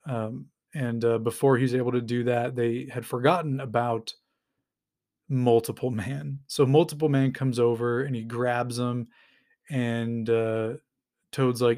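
Chatty man recapping comics with fillers. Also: mid-range voice. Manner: animated retelling with quick put-on character voices, many fillers. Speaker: podcast host recapping comics.

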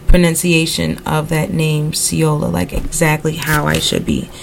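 A woman podcast host reading a novel aloud at a steady pace, breaking off now and then for casual asides. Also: low-pitched, a little slow, vocal fry, a little hiss or hum, poor audio. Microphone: computer recording software.

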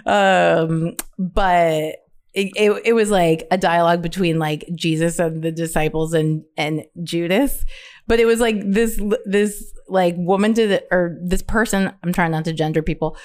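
A young adult woman with a somewhat low voice talks casually as a guest. She rambles with plenty of fillers and restarts, and often breaks into laughter. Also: fairly even intonation, a little slow, darkish tone. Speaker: interview guest, writer and creator. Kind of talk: casual chat.

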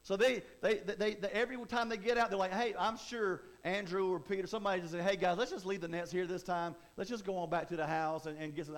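A man preaching a sermon in a conversational way, often repeating and restarting words. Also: sits high. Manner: repetitive, stammering restarts, conversational.

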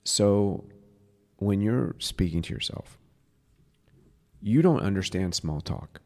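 On his spiritual podcast, a man with a lowish, expressive voice teaches casually but earnestly. To illustrate a point, he shifts to a soft, slow way of speaking.

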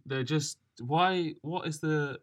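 A man co-hosting a podcast, animated and questioning, often laughing. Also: on the high side, takes it slowly. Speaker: podcast co-host. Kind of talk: casual podcast chat.

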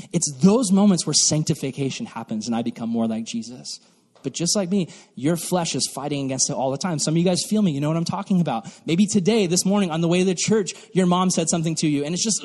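A young man preaching a sermon to youth as a pastor, animated and acting out mocking voices. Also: a little high, normal speed. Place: church hall. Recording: long reverb from a hall.

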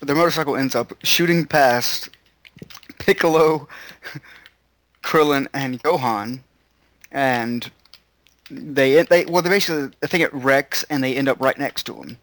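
A man's voice: medium pitch, a bit bright, no room sound. A man co-hosting a podcast, casually recapping a scene with frequent laughs and restarts. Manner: laughs often while recapping, halting restarts. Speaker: podcast co-host.

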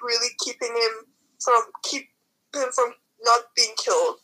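High, bright-voiced young woman ranting. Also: low-quality recording. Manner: animated, swears a lot, ranting. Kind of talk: casual chat.

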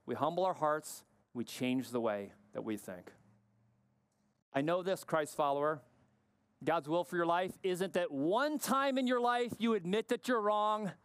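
A middle-aged man preaching a sermon, emphatic and questioning, often dropping his voice low to stress a point. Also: smooth, no room sound. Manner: emphatic, questioning, varies pace and drops low for weight. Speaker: pastor.

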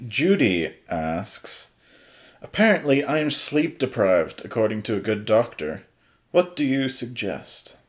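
A man in his twenties co-hosting a podcast, making dry, deadpan jokes and reading out listener questions. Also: mid-range voice, unhurried. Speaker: podcast co-host. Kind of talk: casual podcast banter.

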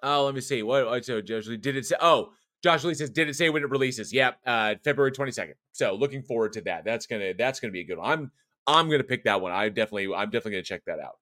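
A man's voice: medium pitch, lively intonation, fast talker, sharp tone, dry recording, clean studio sound. A man co-hosting a casual horror movie podcast from an office, rambling along with frequent restarts and laughter. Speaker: podcast co-host. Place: home office.

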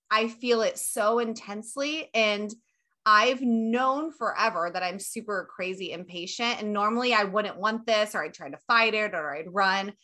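This podcast host is a young woman whose mid-range voice sounds bright and forward in a relaxed, casual conversation. Her talk is gushing and emphatic, with plenty of cursing mixed in.

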